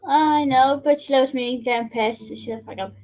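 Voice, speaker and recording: A young woman talks straight to camera in a high, bright register, rambling from one thought to the next. She giggles through her words and swears freely, keeping it loose and chatty. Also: fairly even intonation, normal speed. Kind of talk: casual vlog chat to camera.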